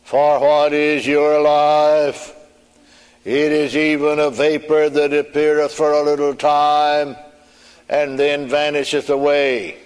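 A man voicing a solemn, disembodied heavenly voice that slowly intones old scripture while telling a story in a sermon. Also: on the high side, completely flat delivery, clear, resonant tone. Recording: long reverb in a hall.

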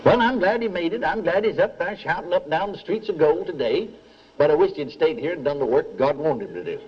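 A man's voice: a little high, fairly quick, slightly rough, lo-fi sound. An older man preaching a sermon, telling a story with acted-out dialogue and calling on the congregation for amens. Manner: animated storytelling, repeats dialogue, asks audience for amens.

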